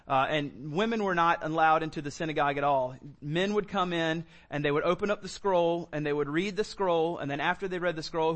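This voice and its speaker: A man's voice: fairly high pitch, a bit bright. A man preaching a sermon as pastor, talking in a loose, conversational way with fillers and repeated words.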